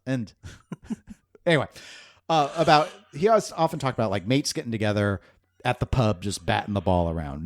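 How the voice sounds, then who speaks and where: A man's voice: on the low side, lively intonation, moderate pace, pauses often, no room sound, studio quality. A man co-hosting a casual podcast chat, rambling along, restarting his sentences and laughing at himself. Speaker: podcast co-host.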